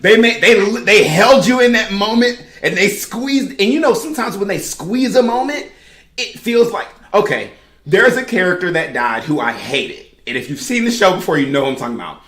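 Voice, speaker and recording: A woman on a podcast panel, telling her story in an animated, emphatic way in casual chat. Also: medium pitch, moderate pace, roomy sound. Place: podcast studio room.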